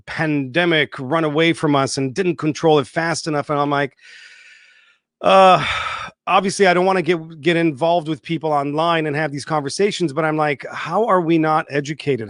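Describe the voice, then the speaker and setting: A man's voice: on the high side, fairly bright tone, no room sound, clean studio sound. A man hosting an unscripted livestream monologue, emphatic and repetitive, swearing freely. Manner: emphatic, repetitive, swears freely, mocks people in put-on voices. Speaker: online show host.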